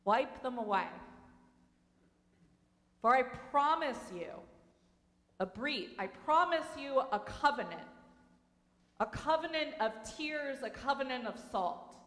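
A gentle creator soothes and promises in a high, unhurried voice, as a woman tells the story from the pulpit. The sound rings in a big room with long reverb. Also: expressive, exaggerated voice. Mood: reassuring. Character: God, a gentle reassuring creator. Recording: reverberant sanctuary hall.

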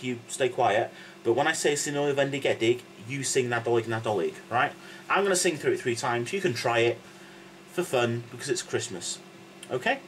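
A man's voice: mid-range voice, a bit bright, slight background noise, low-quality recording. A man giving a casual video lesson as a teacher, patient and playful, constantly checking in with the listener. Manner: playful, jokey asides. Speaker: language and singing teacher.

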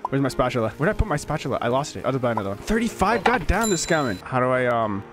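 A man's voice: medium pitch, big pitch swings, fast. A man giving casual, frantic gameplay commentary, talking to himself and swearing at his mistakes. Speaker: gaming video creator. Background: game music.

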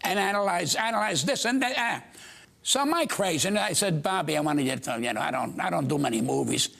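Older New comedian, gravelly and high-pitched, brash storyteller. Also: male voice, expressive, a bit bright. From United States. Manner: brash, rapid anecdotes acting out voices. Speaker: comedian guest. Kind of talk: storytelling on a talk show.

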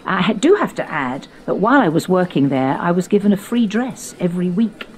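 An older woman from England, hosting her own podcast and recounting her youth in an animated, storytelling way with playful quoted voices. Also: fairly low pitch, brisk. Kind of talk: reminiscing conversation.

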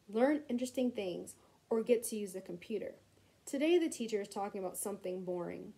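A woman reading a children's storybook aloud in a gentle, expressive way. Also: mid-range voice, low-quality recording. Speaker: reader.

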